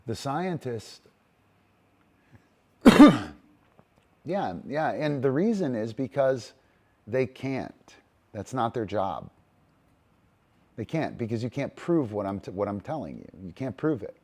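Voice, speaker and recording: A man's voice: medium pitch, sing-song, takes it slowly, long pauses, dark tone. A middle-aged man hosting a casual talk on dog training, rambling and emphatic, tagging "right?" onto his points and swearing casually. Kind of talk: casual monologue.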